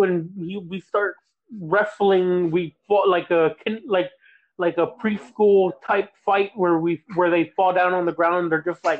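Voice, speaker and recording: High-voiced man rambling through a story. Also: steady tone. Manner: rambling, halting, acts out quoted voices. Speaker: guest. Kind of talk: casual storytelling chat. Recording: tinny phone-like line.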